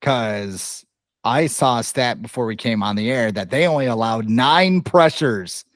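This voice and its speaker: A man co-hosting a casual sports podcast, rambling and excitable, stumbling over names and coughing now and then. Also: mid-range voice, unhurried, no room sound. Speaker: podcast co-host.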